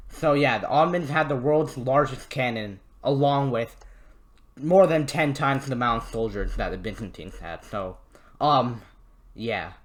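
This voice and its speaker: A man hosting a casual history video, joking and swearing as he rambles. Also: medium pitch. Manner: irreverent, jokey, swears, rambles with fillers. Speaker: history channel host.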